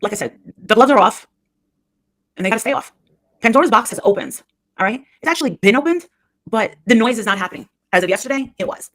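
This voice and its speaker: A woman livestreamer with a fairly high, expressive, slightly bright voice talks fast into a phone or webcam. She rambles through gossip scornfully, repeating herself.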